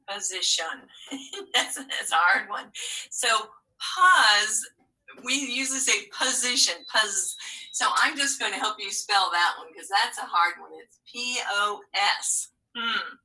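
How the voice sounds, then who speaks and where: A woman's voice: fairly high pitch, slow pace, bright, forceful tone, far from the mic, low-quality recording. A woman teaching a remote phonics lesson to young learners in a patient, encouraging way, sometimes dropping to a whisper.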